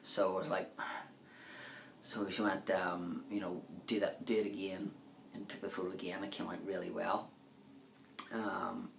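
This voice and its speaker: Chatty man with a gravelly low voice. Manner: rambling, chatty, many fillers, acts out quoted lines. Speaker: vlogger. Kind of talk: casual storytelling to camera. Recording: echoey room with faint ambient noise.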